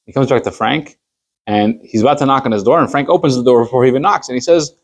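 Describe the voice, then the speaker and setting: A male rabbi gives an easygoing class in a mid-range voice, neither high nor low. He spins everyday hypothetical stories, slipping into quoted dialogue to act out little scenes, with relaxed fillers along the way. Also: quick pace. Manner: conversational, walks through hypothetical stories with fillers. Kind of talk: informal Jewish law class.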